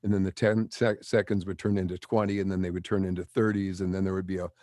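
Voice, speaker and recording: An older man, a veteran broadcaster, telling lively stories in an interview and acting out the quotes. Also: low-pitched, quick pace, dry recording, studio quality. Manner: animated storyteller acting out quotes. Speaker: guest, broadcaster. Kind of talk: storytelling interview.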